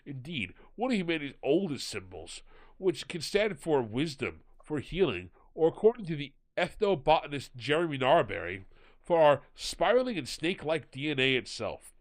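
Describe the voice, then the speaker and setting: A man's voice: on the high side, sing-song, moderate pace. A man doing a comic impression of a pompous older author, reading aloud in a mock-grand voice. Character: pompous older English author, male, dry.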